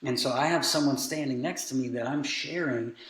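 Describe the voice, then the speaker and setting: A man's voice: mid-range voice, fairly quick. A man telling a family story in earnest, casual conversation, acting out the people he quotes. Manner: earnest storytelling, animated retellings. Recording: roomy echo.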